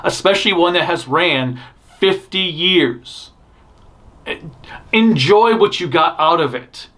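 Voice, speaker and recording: Guy doing a casual news roundup, rambly, restarts a lot, strong opinions, slightly higher voice. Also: expressive, takes it slowly, a bit bright. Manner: rambling, self-interrupting, blunt opinions. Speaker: news show host.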